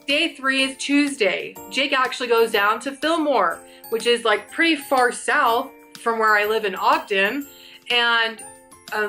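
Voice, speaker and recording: A woman's voice: a little high, sharp tone. A young woman vlogger chatting through a storytime, rambling and restarting her sentences as she goes. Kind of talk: casual storytime.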